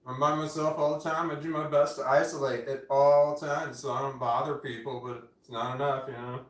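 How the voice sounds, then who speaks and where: A man's voice: medium pitch, level tone, moderate pace. Rambling, swearing man in his forties. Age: 40s. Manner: rambling, swearing, self-interrupting. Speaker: livestreamer. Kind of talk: casual livestream chat. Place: indoors at home. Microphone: phone camera. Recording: echoey room, off-mic.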